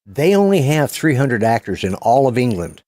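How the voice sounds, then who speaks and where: A man in his sixties with an Oklahoma-flavored Southern American accent rambles through stories on a casual live stream, sprinkling in mild cussing. His voice sits at an ordinary middle pitch. The recording is dry, with almost no room sound. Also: big pitch swings, moderate pace, warm tone, no room sound. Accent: Oklahoma-tinged Southern American. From Colorado, US. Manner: rambling storyteller who swears casually. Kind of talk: casual chat.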